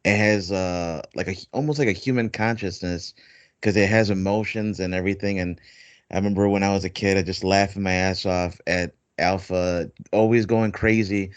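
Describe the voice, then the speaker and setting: Rambling low-voiced man on a podcast. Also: steady tone, moderate pace, no room sound. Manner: rambling, laughs often, many fillers. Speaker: podcast host. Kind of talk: casual chat. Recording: dull dry lo-fi recording.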